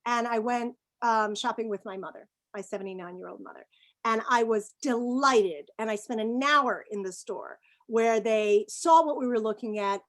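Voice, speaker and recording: This middle-aged woman's voice sits on the high side; she's being interviewed on a webinar as a business guest and comes across emphatic, lively, and quick to laugh.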